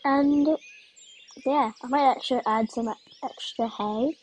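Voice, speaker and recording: Slow-talking, chatty young-sounding woman vlogger. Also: high-pitched, fairly even intonation, a little hiss or hum. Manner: chatty, rambling, trails off into soft asides. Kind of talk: casual vlog chat.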